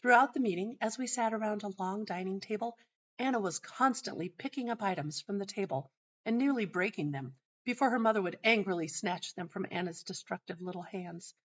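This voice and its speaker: A middle-aged woman hosting a teaching show, telling a personal story in a calm, measured way. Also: medium pitch. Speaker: host and teacher. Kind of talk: narrating a personal teaching anecdote. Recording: dull lo-fi sound.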